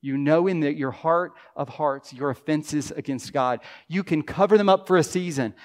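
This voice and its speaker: Impassioned preaching man, higher voice. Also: normal speed. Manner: impassioned preaching, voicing pleading prayers. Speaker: pastor. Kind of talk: sermon. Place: church sanctuary.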